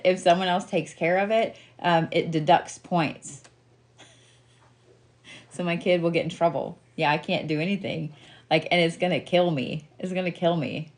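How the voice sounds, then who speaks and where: A woman giving a reiki and wax reading in a casual live chat. She swears freely, laughs often and reassures the listener by calling them sweetie. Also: lowish voice.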